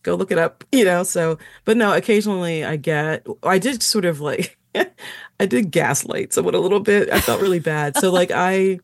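A woman who is an author and musician, telling stories as an interview guest in an animated, chatty way with frequent laughter. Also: lowish voice, moderate pace, no room sound, clean studio sound.

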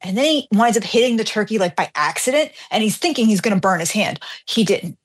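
A middle-aged woman hosts a radio show and tells her story in a chatty, animated voice. Her pitch sits in an ordinary middle range. She jumps into the quoted lines and pokes fun at herself. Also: a little fast. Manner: animated, self-deprecating, acts out dialogue. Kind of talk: casual on-air storytelling.

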